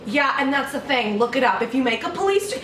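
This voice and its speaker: Woman, mock-angry sarcastic vlog rant, lots of swearing, high pitch, roomy sound. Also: sing-song, a little fast, a bit bright, distant mic, slight background noise. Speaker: YouTuber. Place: home room.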